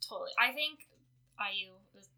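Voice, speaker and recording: Casual podcast host, woman with a high, very bright voice and a chatty, filler-heavy delivery. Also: animated, brisk, gravelly. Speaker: podcast host presenting fan awards. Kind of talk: casual chat.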